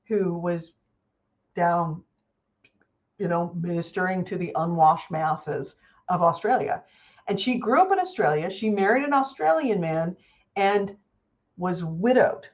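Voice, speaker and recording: A woman co-hosting a casual chat show, telling stories in an animated, swearing, easygoing way. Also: fairly low pitch, unhurried, muffled recording. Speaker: podcast co-host.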